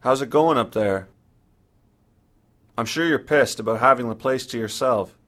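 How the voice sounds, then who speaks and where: A man's voice: medium pitch, normal speed, a bit bright, natural voice. A man voicing a nervous, joking middle-aged father talking on the phone. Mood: chatty.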